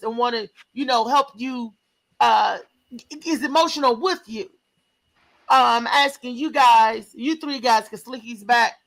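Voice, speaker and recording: Woman, talk show host, gravelly fry in the voice, casual chat, repeats words. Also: fairly high pitch, unhurried, rough recording. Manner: lively, repeats words when starting.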